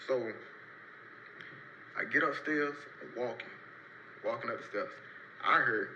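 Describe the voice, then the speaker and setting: A young man telling a casual story-time tale in loose, rambling, slang-heavy talk, marking each turn with a quick "so boom.". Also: sharp tone, muffled recording, slight background noise. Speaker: storyteller in a played clip.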